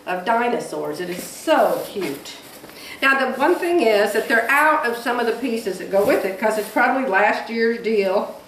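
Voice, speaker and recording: A woman's voice: a little high, far from the mic, slight background noise. Chatty woman gushing, echoey room. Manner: chatty and gushing, laughs often. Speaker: quilting vlogger. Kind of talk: casual chat to camera. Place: home room.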